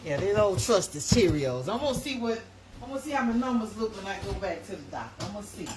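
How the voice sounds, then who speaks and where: A woman's voice: medium pitch, big pitch swings, fast talker, noisy background. A middle-aged woman hosting a casual live stream from her home kitchen, rambling and chatting to her viewers.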